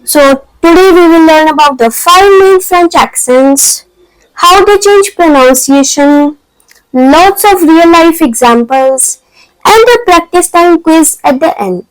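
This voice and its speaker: A woman's voice: very high voice, animated, slow pace, no echo, rough recording. A woman teaching an online French lesson, explaining patiently step by step in non-native English phrasing.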